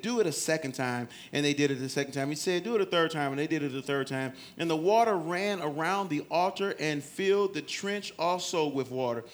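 A man preaching a sermon, swinging from loud, dramatic calls to quiet, low scripture reading.

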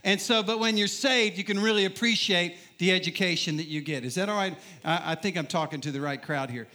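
A middle-aged man preaching to a crowd, with a high voice that rings bright and forceful. He tells his story with humor and keeps checking in with the listeners. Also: fairly quick. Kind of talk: sermon testimony.

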